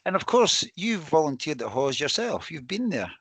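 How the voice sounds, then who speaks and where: Gravelly man hosting a podcast. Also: fairly high pitch, very animated, normal speed, crowd noise. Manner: encouraging, thinking aloud. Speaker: podcast host. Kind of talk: casual interview chat.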